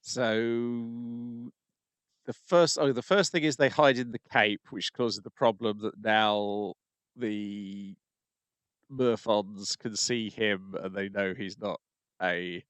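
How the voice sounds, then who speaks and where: A man's voice: lowish voice, steady tone, slow pace, fairly bright tone, clean tone, dry recording. A man hosting a podcast, talking casually and hesitantly with many ums. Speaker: podcast host. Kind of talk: casual chat.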